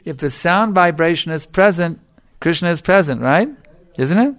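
A middle-aged man with a gravelly, creaky voice, giving an emphatic devotional lecture. He repeats his phrases for stress, and the recording is close and dry. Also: on the high side, animated, moderate pace, fairly bright tone, dry recording. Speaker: spiritual teacher.

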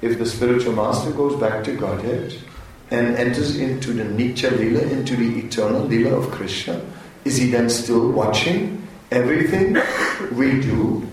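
A man giving a spiritual talk, telling a story in a lively way and chuckling often. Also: mid-range voice, moderate pace. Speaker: spiritual teacher. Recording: very echoey hall, distant mic, faint hum.

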